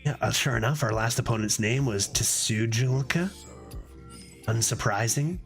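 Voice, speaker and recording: A man streaming a card game, thinking aloud in casual commentary and getting excited over close plays. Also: normal speed, creaky, faint music behind. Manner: excitable, thinks aloud, sometimes drops to a low put-on voice.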